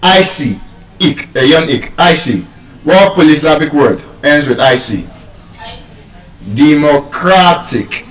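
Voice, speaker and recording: A man's voice: a little high, lively intonation, unhurried, fairly bright tone. A man with a Nigerian accent teaching pronunciation in a live lesson, stretching out and repeating example words. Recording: echoey room, far from mic.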